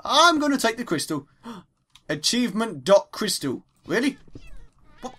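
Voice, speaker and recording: A young man with an English accent giving chatty, excitable let's play commentary as he mines, exclaiming at each new find. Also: high-pitched, measured pace, slightly rough. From England. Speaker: gaming YouTuber.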